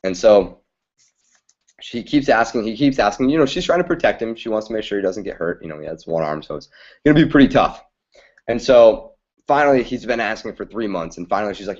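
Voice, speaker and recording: A man's voice: on the low side, expressive, brisk, darkish tone. Stream host, man, chatty storyteller, muffled lo-fi sound. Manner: chatty, keeps checking in with listeners with "right?". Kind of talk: casual storytelling. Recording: dull lo-fi stream audio.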